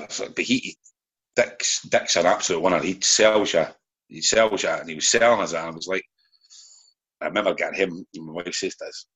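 Scottish man, very low voice, rambling and sweary, slightly muffled audio. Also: fairly bright tone, breathy edge. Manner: rambling, swears freely, restarts often. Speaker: former footballer guest. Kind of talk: casual storytelling in a podcast.

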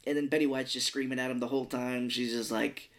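A man's voice: medium pitch, flat delivery, fast talker, fairly bright tone. Man casually retelling a movie plot. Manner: retells scenes by acting out lines in jumpy voices, swears casually. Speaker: podcast co-host. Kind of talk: casual movie recap chat.

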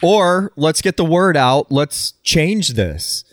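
A middle-aged man co-hosting a casual podcast chat, opinionated and given to deadpan teasing. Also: fairly high pitch, slow pace, dry recording, clean studio sound. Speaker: podcast co-host.

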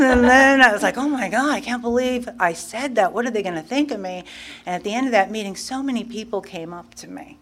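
A middle-aged woman, a guest speaker at a recovery meeting, candidly tells her own recovery story, acting out her past self in quoted asides. Her voice is fairly low in pitch with a fairly bright tone.

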